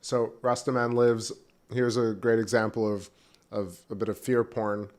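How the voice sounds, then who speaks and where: Chatty low-voiced man livestreaming. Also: flat delivery, unhurried. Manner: rambling, chatty, some restarts, chewing while talking. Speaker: livestream host. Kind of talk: casual live-stream chat. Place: back porch at home, outdoors.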